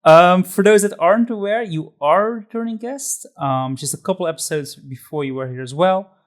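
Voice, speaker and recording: A man's voice: high voice, moderate pace. A man hosting a podcast, introducing the episode and guest in a loose, friendly way with fillers. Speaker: podcast host.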